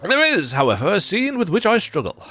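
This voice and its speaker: A man's voice: sits high, huge pitch swings, brisk, pushed and bright, faint music behind, exaggerated voice. A man voicing a posh, theatrical male knight who speaks in pompous, old-fashioned formal phrases.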